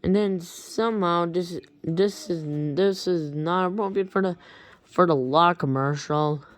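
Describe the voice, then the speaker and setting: A woman casually retelling a strange story, halting often and restarting her sentences. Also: on the low side. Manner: halting, with many restarts and repeated words.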